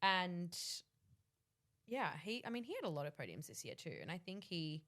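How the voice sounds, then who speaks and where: A young woman co-hosting a podcast, animated and casually swearing. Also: on the low side, normal speed. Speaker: podcast co-host. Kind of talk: casual chat.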